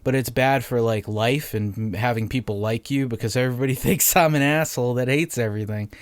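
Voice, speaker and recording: A man hosting a casual solo podcast from home, monotonous and deadpan sarcastic, swearing freely into a microphone on a stand. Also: medium pitch, a little fast, no echo. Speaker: podcast host.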